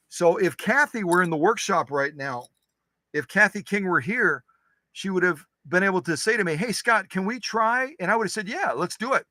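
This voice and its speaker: A man runs a sewing machine channel from his workshop, demonstrating stitches while chatting, joking and talking to himself as he works. His voice sits high, bright and forceful, and the recording is dry.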